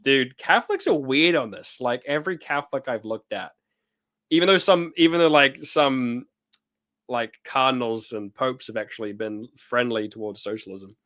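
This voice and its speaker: A man's voice: medium pitch, normal speed, a bit bright. Casual New man chatting live. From New Zealand. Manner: loose, joking, with many fillers and restarts. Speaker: host. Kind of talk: casual livestream chat reading comments.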